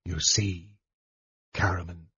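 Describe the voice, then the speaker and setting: A man voices a young male archmage who speaks coldly and softly, well below his narrating voice. The tone is husky and unhurried. The recording is dry and a little dull, from a fantasy audiobook. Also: fairly low pitch, lively intonation, dry recording, full character voice. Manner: cold and quiet.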